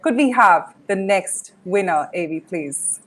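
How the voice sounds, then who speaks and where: A woman's voice: lowish voice, lively intonation, a little slow, a bit bright. A woman hosting an online awards ceremony, announcing winners in a polished, formal manner.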